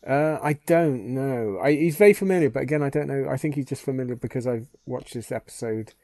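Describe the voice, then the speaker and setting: Dude cohosting, mellow voice, lots of yeahs, dry mic. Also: male voice, medium pitch, a little fast, no echo. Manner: agreeable, thoughtful, many yeahs. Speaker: podcast co-host. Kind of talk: casual fan discussion.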